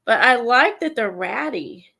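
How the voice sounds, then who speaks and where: A woman chatting casually on an art livestream, a little out of breath and stuffy, rambling with halting fillers and restarts. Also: on the high side, animated, creaky, sharp tone. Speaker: guest showing art supplies.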